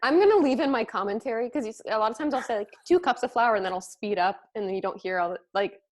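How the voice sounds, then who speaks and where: A woman's voice: a little high, fast talker. A woman co-hosting a casual eating show, giggly and rambling, swearing offhandedly. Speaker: co-host. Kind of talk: casual chat while eating.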